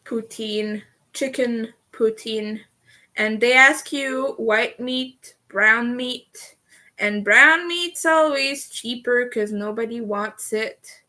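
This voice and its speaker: Slow-talking giggly woman streamer. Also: on the high side, bright, forceful tone. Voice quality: slips into vocal fry. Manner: chatty and giggly, laughs often. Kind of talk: casual livestream chat.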